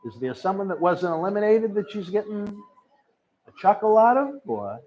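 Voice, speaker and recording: A chatty male host rambling through a wrestling watch-along in a high, very animated voice. The recording sounds a bit dull and lo-fi. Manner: chatty, rambling, quick to laugh.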